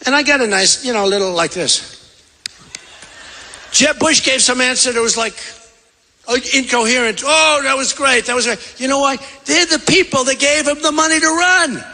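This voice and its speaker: A man's voice: extremely high pitch, normal speed, long pauses, pushed and bright. A man giving a rambling, repetitive campaign rally speech from a podium in a large convention hall. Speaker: political candidate at a rally. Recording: long reverb of a big hall.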